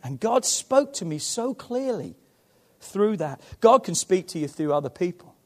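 A man preaching a sermon to his church, emphatic and swinging between loud calls and hushed passages. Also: high-pitched, very animated, measured pace. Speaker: pastor.

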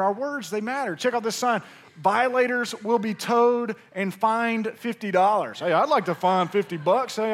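Here a Pearl, Mississippi pastor with a very high-pitched, fairly bright voice tells humorous, folksy stories as he preaches. His Southern accent comes through strongly.

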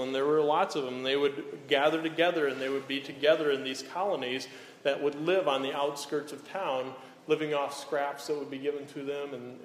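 A pastor preaching a sermon in an earnest way, often checking in with the listeners. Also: male voice, fairly high pitch. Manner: earnest, repeats "okay?" to check in. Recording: echoey hall, faint room noise.

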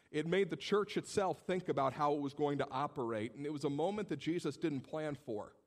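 A male pastor preaching a sermon, telling stories in an animated way and acting out the people in them. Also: mid-range voice. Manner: animated storytelling, acts out the people in his stories.

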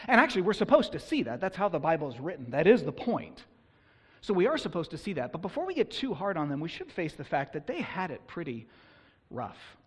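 A man preaching a sermon as pastor, animated, sometimes acting out the people he quotes. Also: fairly high pitch, brisk, slightly rough. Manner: animated, acts out quoted complaints. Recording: long hall reverb.

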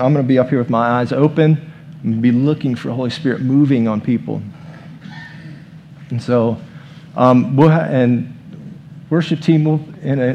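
Pastor, man, mid-pitched, casual sermon delivery, light background hiss. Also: dark tone. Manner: informal, leads the room in prayer. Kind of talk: conversational sermon.

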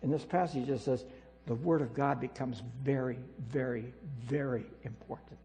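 A man preaching a sermon as pastor, emphatic and repetitive, swinging between loud declarations and quiet asides. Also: mid-range voice, steady tone, normal speed. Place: church sanctuary. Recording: reverberant hall with mains hum.

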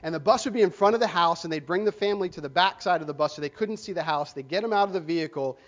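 A man's voice: high voice, racing, lo-fi sound. A man preaching a sermon, telling a story loosely with many fillers and restarts.

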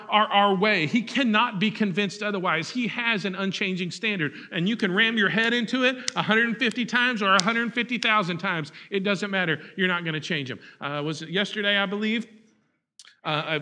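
A man in his thirties, a pastor preaching an animated sermon that swings from loud to hushed. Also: sits high, long reverb tail.

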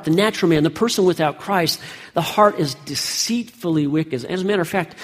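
A man preaching a sermon as pastor, with emphatic delivery that rises and falls. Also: on the high side.

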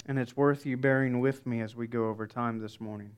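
A pastor preaching a sermon, emphatic, with dramatic soft pauses. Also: male voice, medium pitch, fairly even intonation, smooth.

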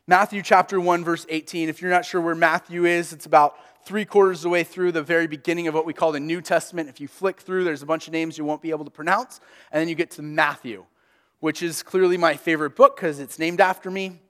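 A young man preaching a sermon as a pastor, conversational and animated as he tells stories. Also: on the high side, fast, long reverb tail.

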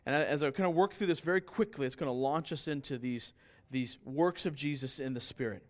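A man with a fairly high voice preaching a sermon. He talks conversationally, with restarts and asides, and jumps higher in pitch when he acts out characters in his stories. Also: brisk. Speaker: pastor.

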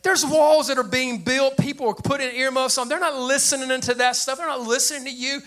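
An older man, a grandfather, preaching a sermon to his church in an animated, plain-spoken way. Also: a little fast. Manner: animated preacher with a light, high voice and plain speech. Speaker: pastor.

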